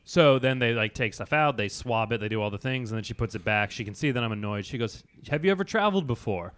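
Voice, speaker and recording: A man's voice: on the low side, fairly even intonation, quick pace, fairly bright tone, smooth. A man co-hosting a podcast, telling an annoyed travel anecdote in casual chat and acting out both sides of the dialogue. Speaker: podcast co-host.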